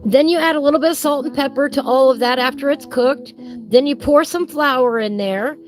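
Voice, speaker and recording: A slightly high-voiced woman talks on a live stream while she colors at home. She rambles in a folksy, homey way and drifts between topics. Soft music plays behind her. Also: moderate pace.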